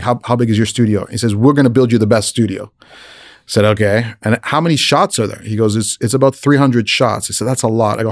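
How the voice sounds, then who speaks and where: Man, casual storyteller, mid-range voice, chatty restarts, dry close sound. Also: no room sound. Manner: retells conversations, often raising his pitch for the quoted speakers; frequent restarts and repeated words. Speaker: visual effects artist telling a career story. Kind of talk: casual personal anecdote.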